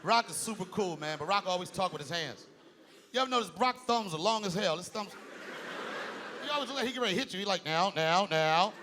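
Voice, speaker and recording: A man performing a stand-up comedy set on a club stage with a handheld mic, loud and animated. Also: high-pitched, fast, a little hiss or hum. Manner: animated, loud, jumps into impressions. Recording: live club with loud crowd laughter.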